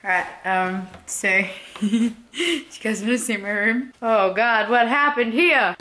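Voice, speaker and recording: A woman's voice: medium pitch, pushed and bright. A young woman chatting casually to her vlog audience while walking through her house and garden, in a bubbly, scattered, rambling way. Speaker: vlogger and musician.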